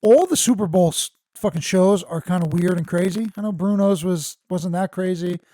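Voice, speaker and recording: A man hosting a podcast, reading news articles aloud and breaking into profane, excitable asides. His voice turns squeaky when he gets worked up. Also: normal speed. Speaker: podcast host.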